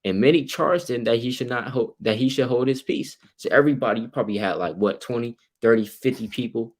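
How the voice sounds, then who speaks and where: A man teaching a casual Bible study, reading verses aloud and explaining them, asking "right?" again and again and acting out the people in the story. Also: brisk. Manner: acts out quoted people with sudden louder, higher bursts. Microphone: computer mic while sharing his screen.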